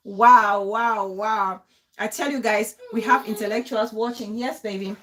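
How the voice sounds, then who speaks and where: A woman hosting a live talk show, effusive and quick to affirm, thanking callers and chatting with her viewers. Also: mid-range voice, fairly even intonation, fairly bright tone, a little hiss or hum. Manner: effusive, frequent affirmations, laughs often. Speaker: host. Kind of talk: casual live-show chat.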